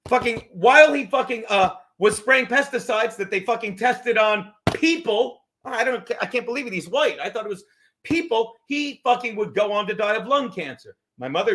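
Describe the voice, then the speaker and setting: High, bright-voiced man ranting. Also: slight background noise. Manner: swearing constantly, heated and rambling. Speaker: podcast host. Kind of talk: profane livestream rant.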